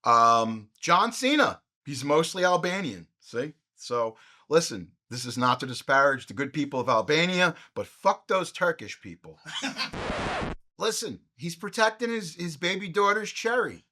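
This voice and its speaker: A man hosting a podcast, riffing through a profane, comedic movie retrospective with animated jokes. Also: on the high side, unhurried. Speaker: podcast host.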